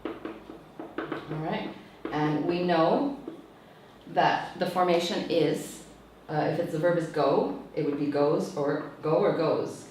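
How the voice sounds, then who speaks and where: A woman teacher trainer talks through a lesson in a steady, explaining manner, often stopping to check with "okay?". Her voice sits somewhat low. She is recorded from a distance in a very echoey room with faint background noise. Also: slow, long pauses. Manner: explains patiently, tags points with "okay?". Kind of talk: teacher tutorial lecture. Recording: echoey room, mic far off.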